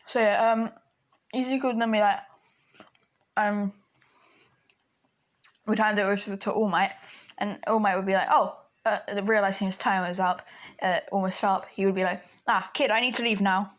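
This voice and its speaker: A woman's voice: mid-range voice, fairly even intonation, normal speed, pauses often. A woman telling a fan story in a casual, rambling way, full of fillers and restarts.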